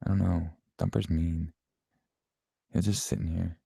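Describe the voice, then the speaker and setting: YouTuber, late 20s man; low gravelly voice, dry close sound, blunt casual Q&A. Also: fairly even intonation, slow pace, long pauses, mellow, no echo. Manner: blunt and offhand, swears, laughs often. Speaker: YouTuber answering viewer questions. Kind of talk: casual Q&A chat.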